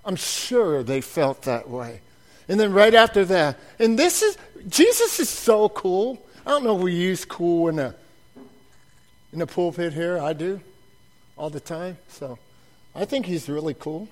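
High-voiced man preaching a dynamic sermon. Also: lively intonation, unhurried. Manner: dynamic delivery swinging from soft asides to loud emphatic preaching. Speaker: pastor.

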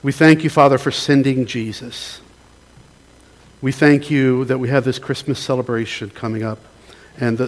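A man leads a sermon as pastor, reading scripture and praying aloud. His voice sits at an ordinary middle pitch, gentle and unhurried. He pauses often and invites the listeners to join in. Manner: gentle, pausing, invites the congregation to respond.

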